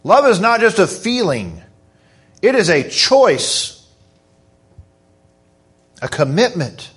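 Hoarse, fervent middle-aged male preacher. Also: high voice, slow pace. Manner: fervent, rising to excited emphasis. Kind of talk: sermon. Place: church.

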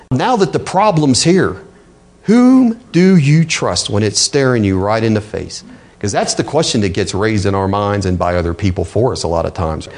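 A male pastor preaches a sermon conversationally, frequently posing rhetorical questions to the congregation. His voice is on the high side with a darkish tone.

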